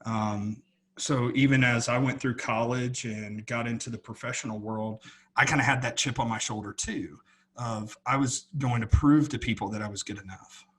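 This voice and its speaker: A man's voice: medium pitch, fairly even intonation, moderate pace, a bit bright, breathy edge. A man co-hosting a podcast, talking earnestly in a casual, rambling way with many restarts. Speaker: podcast co-host. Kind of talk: casual chat.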